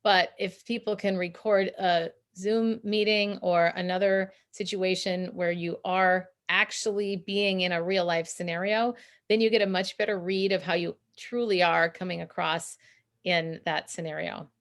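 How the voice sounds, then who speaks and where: A woman's voice: on the low side, fairly even intonation, a little slow. A woman guest on a video call, giving coaching advice in an interview and laughing often as she explains. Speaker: guest, communication consultant.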